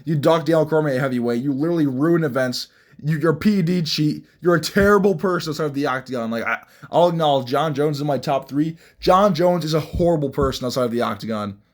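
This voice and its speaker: His voice is a little high and quick as this young man rants casually about fights on his MMA commentary vlog. Blunt and mocking, he rambles and often begins his sentences again.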